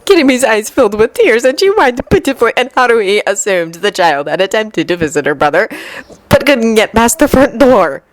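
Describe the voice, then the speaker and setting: A woman narrating a fanfiction story in an expressive, lively reading. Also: fairly high pitch, a little fast. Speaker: fanfiction reader. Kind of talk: audiobook narration.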